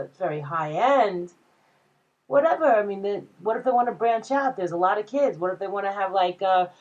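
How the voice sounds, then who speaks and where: A woman's voice: mid-range voice, muffled recording. A female co-host chatting casually, rambling and restarting her sentences. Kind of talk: casual chat.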